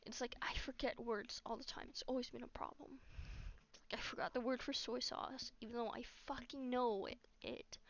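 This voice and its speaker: A young woman venting in a casual, rambling monologue, halting often, swearing a lot and dropping to a near whisper. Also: a little high, fairly even intonation. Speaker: vlogger. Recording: dull lo-fi recording.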